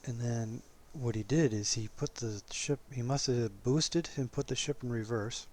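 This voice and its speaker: A man giving relaxed, casual commentary over his own gameplay footage, chuckling often and poking fun at himself. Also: medium pitch, unhurried, slight background noise.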